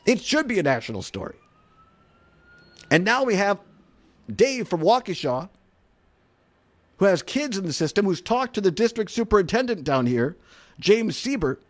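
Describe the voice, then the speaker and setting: A man hosting an opinionated talk radio show, incredulous and animated, often laughing and saying "I mean". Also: high-pitched, moderate pace, long pauses.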